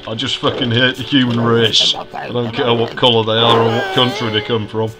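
A man's voice: medium pitch, level tone, moderate pace. Crude rambling man from Hull. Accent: Hull, Yorkshire. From Hull, England. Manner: crude, profane, rambling and laughing. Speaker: let's play host. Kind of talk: casual gameplay commentary. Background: game music.

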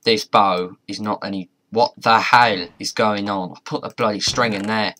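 A young man talks through his game in a bright, sharp voice, chatty and muttering to himself with the odd mild swear. Faint keyboard and mouse clicks tick away behind him. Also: on the low side, fairly even intonation, moderate pace, slight background noise. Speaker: gamer. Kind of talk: modded game commentary.

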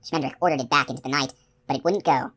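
A woman with a low voice narrates a novel as an audiobook. She reads at a quick pace, telling the story in a steady, expressive way.

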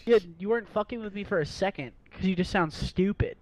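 A man's voice: sits high, fast, a little mellow. A man gaming with friends, teasing and trash-talking between callouts. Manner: teasing trash talk with laughter. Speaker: gamer. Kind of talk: live gameplay chat.

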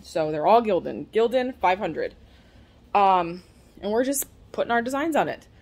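A woman chatting straight to her phone camera at home, excitable and a little out of breath, in a casual vlog. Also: medium pitch, moderate pace. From Florida, USA. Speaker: vlogger and small business owner. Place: at home, indoors.

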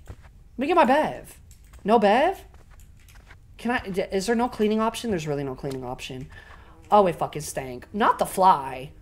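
A young woman streaming a video game, swearing constantly and swinging between loud shrieks and quiet mumbling as she plays. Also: medium pitch, very animated, moderate pace, long pauses. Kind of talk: casual game commentary.

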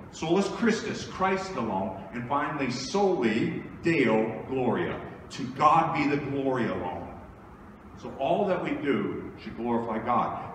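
The sermon comes from a male pastor with a medium-pitched, fairly bright voice, speaking conversationally and putting rhetorical questions to the congregation. The recording is distant and echoey within the church sanctuary, with slight hiss or hum.

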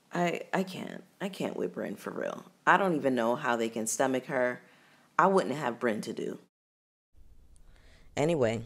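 A woman talking casually and emphatically as she reviews a reality show, repeating lines for punch and tossing in quick asides. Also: deep voice. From New York area. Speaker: reality TV commentator.

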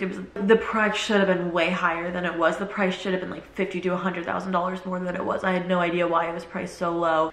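A young woman talks straight to her camera in a rambling, filler-heavy way, fighting back tears as she goes. Her voice sits at an ordinary middle pitch. The room around her rings with a noticeable echo. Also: sharp tone. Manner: tearful, rambling, lots of "like". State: crying on and off. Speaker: vlogger. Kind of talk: casual vlog confession. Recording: echoey room.

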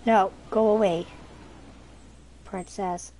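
A young woman from Canada streams a game and chats casually with her viewers, excitable and quick to curse. Her voice sits in a middle register. A faint background noise runs behind her. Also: mid-range voice. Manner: excitable, swears freely, talks to her viewers. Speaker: gaming streamer. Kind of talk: casual livestream commentary.

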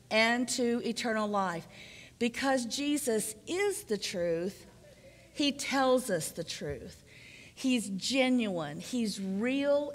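A woman preaching a sermon in an earnest, emphatic, measured teaching manner. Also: fairly high pitch. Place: church sanctuary. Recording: church sanctuary with long reverb.

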